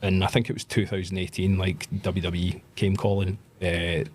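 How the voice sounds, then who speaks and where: A Glaswegian man in his thirties, a pro wrestler, chatting as a guest and telling animated stories with plenty of swearing. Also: sits low, normal speed, husky. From Scotland. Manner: animated storyteller, swears, acts out voices in anecdotes. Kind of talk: casual storytelling chat.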